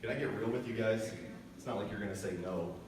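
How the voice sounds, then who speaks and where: A male guest preacher delivering a storytelling sermon in a church, building to loud emphatic peaks. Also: fairly low pitch, quick pace, noisy background. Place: church sanctuary. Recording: echoey church hall from far off.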